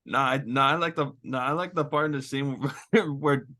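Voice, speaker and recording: A man chatting casually as co-host, easygoing and quick to laugh. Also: mid-range voice, bright, forceful tone. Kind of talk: casual chat.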